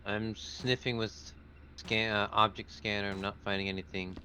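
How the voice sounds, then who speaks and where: A man thinking aloud hesitantly while playing a co-op game with friends, with many pauses and fillers. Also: fairly low pitch, little pitch movement, bright, forceful tone, smooth. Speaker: gamer. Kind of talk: casual co-op gameplay chat.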